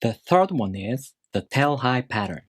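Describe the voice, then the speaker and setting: A man teaching a language lesson, explaining rules step by step in a measured, scripted way. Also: mid-range voice, very animated, breathy edge, no room sound, clean studio sound.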